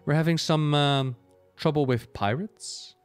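A man's voice: fairly high pitch, measured pace, clean tone, dry recording, soft background music, close to an everyday voice. A man reading a story aloud, voicing an eager, polite young woman in a raised, earnest, courteous voice. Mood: concerned.

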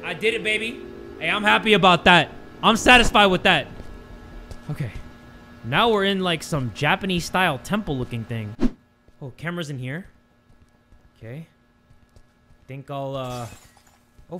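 A young man, playing a horror game on his channel, swearing, muttering low and then screaming in fright or joy. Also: lively intonation, moderate pace, pauses often, bright, forceful tone, faint music behind. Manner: jumpy, swears a lot, swings from muttering to screaming. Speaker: gaming YouTuber. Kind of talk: horror game let's play commentary.

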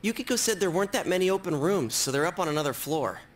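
A spooked teen boy in a game: high, bouncy, wry. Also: animated, fast talker. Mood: casual. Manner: nervous, wry. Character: jumpy teenage boy, easily spooked. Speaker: game character. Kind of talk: English game dub.

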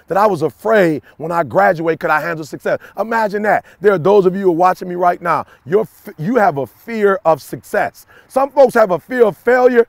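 High raspy preaching man, shouting pep talk. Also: no echo. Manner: preachy, repetitive, swings from shouting to low confiding tones. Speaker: motivational speaker. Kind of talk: motivational pep talk to camera.

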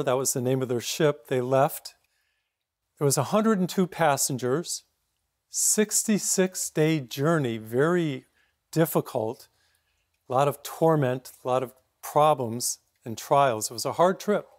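A man in his sixties from Massachusetts, a priest giving a sermon in a steady, reflective storytelling way. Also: mid-range voice.

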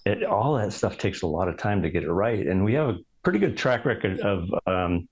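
A male architect guest telling stories in casual conversation, halting, with many ums and restarts. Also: lowish voice, animated, breathy edge, low-quality recording. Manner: rambling, halting delivery full of ums and restarts.

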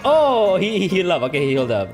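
A streamer giving excitable live gameplay commentary, full of trash talk, laughter, repeated taunts and non-native English grammar. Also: mid-range voice, quick pace, soft background music. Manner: taunting, repeats short phrases.

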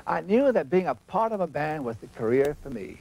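A man in his sixties from Texas, hosting the show and telling his life story in measured, scripted narration. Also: a little high, big pitch swings, creaky, a little mellow, a little hiss or hum, rough recording. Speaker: host.

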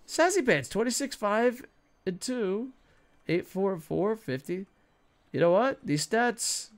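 Excitable swearing male game streamer. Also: high voice, takes it slowly. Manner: excitable, swears a lot, talks to himself. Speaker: gaming streamer. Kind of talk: casual gameplay commentary.

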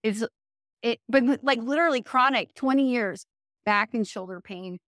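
A woman's voice: fairly high pitch, normal speed, a bit bright, no room sound, studio quality. A woman speaking as an interview guest, telling her story in a casual, chatty way, full of fillers and self-corrections and often laughing.

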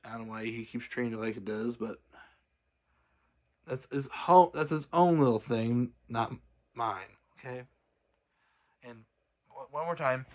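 A young man ranting straight to camera, exasperated and scolding, tripping over restarts and swinging between low mutters and shouted outbursts. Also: animated, a little slow, long pauses. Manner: stumbling restarts. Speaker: cartoon creator. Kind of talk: angry direct-to-camera rant.

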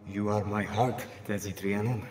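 An actor voicing a shy, poetic young man in a video game, speaking in a hushed, hesitant way. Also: on the low side, fairly even intonation, normal speed, very noisy, natural voice.

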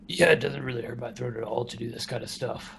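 Gravelly man chatting over a horror game. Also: medium pitch, fast, fairly bright tone, a little hiss or hum. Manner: laid-back, giggly, reacts to the game. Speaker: co-player. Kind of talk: casual horror-game commentary.

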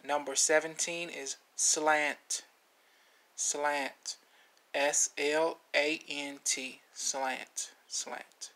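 A man hosting a vocabulary video, naming each word, spelling it letter by letter and repeating it, with relaxed asides. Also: a little high, drawn-out words. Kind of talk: slow spelling lesson.

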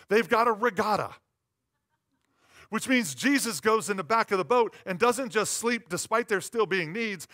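A man preaching a sermon as pastor, conversational and playful, dropping to quiet asides and rising to loud, emphatic repetition. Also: sits high.

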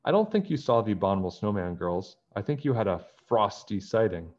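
A man's voice: on the low side, sing-song, brisk, a little mellow, muffled recording. A man voicing a chatty, jokey male museum guide in a storybook read-aloud, pleased with his own jokes.

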